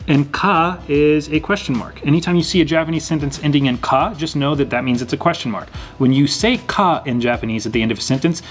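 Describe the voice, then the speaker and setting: A young man teaching a language lesson, patiently repeating words slowly and clearly. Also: mid-range voice. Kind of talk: explaining lesson.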